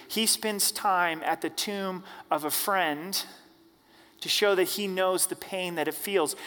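A man preaching an Easter sermon as pastor, reading scripture aloud and then preaching on it with measured emphasis. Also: high-pitched, a bit bright. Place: church sanctuary. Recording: church hall with long reverb.

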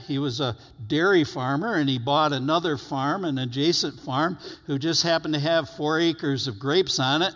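Man, pastor, sermon, earnest and drawn-out emphasis, a bit high-pitched, long hall reverb. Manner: earnest preaching, stretches key words and drops to quiet endings.

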